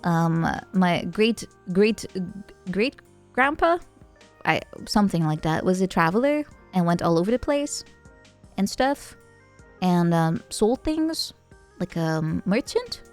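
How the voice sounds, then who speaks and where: A young adult woman streamer chatting casually with viewers, rambling and halting, with a giggly manner. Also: on the low side, animated, faint music behind. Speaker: VTuber streamer. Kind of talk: casual chat answering viewer messages.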